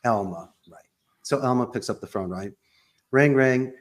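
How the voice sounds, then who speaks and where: A man's voice: medium pitch, moderate pace. Emphatic, punchy male interview guest. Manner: emphatic, punchy, full of sports and pop-culture references. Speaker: podcast guest, call center owner. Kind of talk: animated interview talk.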